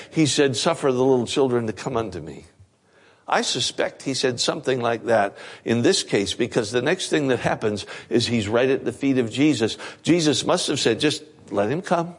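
A man with a high voice preaches a Sunday sermon. He retells the story in plain, lively words and often says a word twice as he gets going. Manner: storytelling preacher, repeats words when starting phrases. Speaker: pastor.

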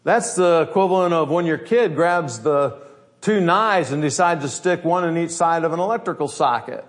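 A man's voice: on the high side, moderate pace. A man preaching a sermon as pastor, blunt and emphatic, with many rhetorical questions.

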